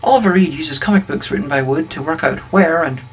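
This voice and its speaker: A man narrates a plot recap at a fast clip with a slightly husky voice. His tone is dry, and his pitch is a touch raised.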